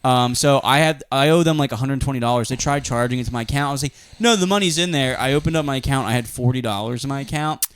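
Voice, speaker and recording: A man's voice: medium pitch, fairly even intonation, quick pace, few pauses, clear, resonant tone. A man co-hosting a comedy podcast, rambling through crude anecdotes and acting out the voices of people in them. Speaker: podcast co-host. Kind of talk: casual comedic storytelling.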